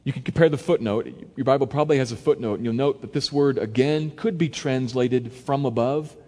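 A man with a mid-range voice preaches in an easy, conversational way, walking through a passage verse by verse. He pushes his voice up and louder to stress key lines and act out quotes. The sound has the long reverb of a large hall. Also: medium pitch, brisk. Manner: conversational, varies loudness for emphasis, acts out quotes. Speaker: pastor. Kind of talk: expository sermon.

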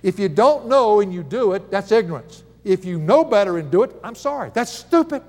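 A man's voice: high voice, animated, fairly quick, a little mellow, long reverb tail. An older man, preaching a Bible lesson in a folksy, chuckling storytelling manner. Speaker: Bible teacher. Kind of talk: sermon with personal stories.

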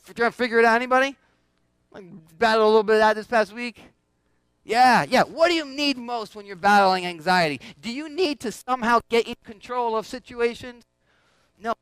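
A man preaching to his congregation in a loose, conversational way, repeating phrases and calling out questions. His voice sits high and sounds smooth and clear. The recording is dry and close, with no room echo. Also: fairly bright tone. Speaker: pastor. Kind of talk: sermon.

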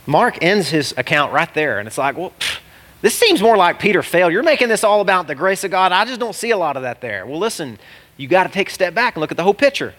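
Bright-voiced, fiery male preacher. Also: high voice, fast. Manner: animated, exclamatory preaching that swings from loud to hushed. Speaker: pastor. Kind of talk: sermon.

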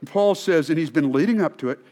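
A man's voice: a little high, animated, brisk, darkish tone. A male pastor preaching a sermon in a conversational, storytelling way, often restarting his sentences.

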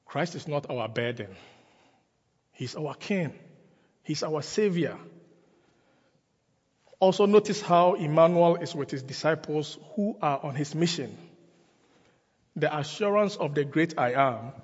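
Male pastor, emphatic sermon, husky tone, church hall with long reverb. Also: mid-range voice, lo-fi sound. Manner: slow, emphatic preaching with repeated phrases.

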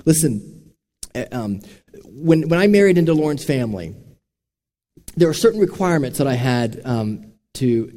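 Male pastor, earnest storytelling sermon voice, slightly high, dark tone, long hall reverb. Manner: storytelling preacher, earnest and direct.

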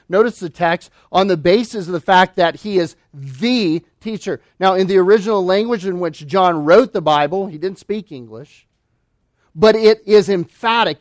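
A man preaching a sermon, emphatic, asking rhetorical questions and swinging between loud declarations and hushed asides. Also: high-pitched, no echo, studio quality. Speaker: pastor.

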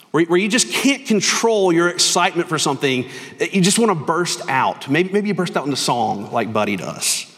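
Earnest pastor in a reverberant hall. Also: male voice, on the high side, fairly bright tone. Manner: earnest, conversational preaching. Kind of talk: sermon. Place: church sanctuary.

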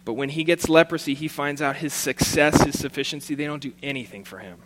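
A man's voice: on the high side, a little fast, a bit bright, slight background noise. A man preaching a sermon, reading scripture aloud and then retelling it in plain, casual words. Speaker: pastor.

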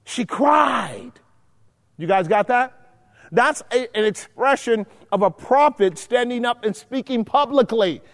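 Man, high voice, emphatic Bible study preaching, keeps checking in with listeners, long reverb. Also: lively intonation, measured pace.

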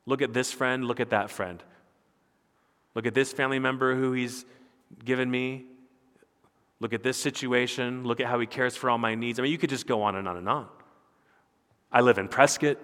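A pastor preaching a sermon with earnest, emphatic delivery that rises and falls. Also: male voice, mid-range voice, fairly even intonation, moderate pace, pauses often, a bit bright, in a large hall.

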